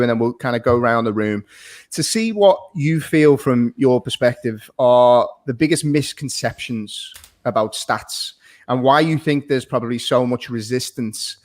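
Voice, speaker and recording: A man hosting a casual football podcast, friendly, laughing often and restarting his words. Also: medium pitch. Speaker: podcast host.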